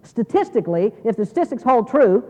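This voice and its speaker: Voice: medium pitch, very animated, brisk, mellow, muffled recording. Folksy, emphatic preacher in a reverberant hall. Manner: emphatic, repeats key phrases; folksy, stumbles and restarts. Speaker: guest preacher. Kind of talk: sermon to seminary students. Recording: long reverb of a large hall.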